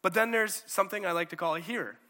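A man preaching a sermon in a conversational, animated way, often checking in with his listeners. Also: high-pitched, fast talker, big-room sound.

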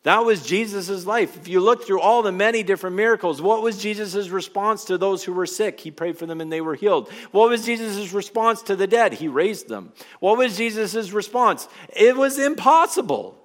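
A man preaching a sermon to a congregation in a church, conversational and animated, asking the room questions as he goes. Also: sits high, normal speed, few pauses.

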